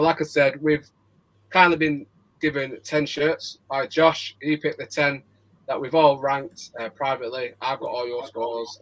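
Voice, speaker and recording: A man with a Mancunian accent hosting a casual live show, chatty and quick to laugh, often restarting his words. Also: mid-range voice, a bit bright, a little hiss or hum, low-quality recording. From Manchester, England. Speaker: host.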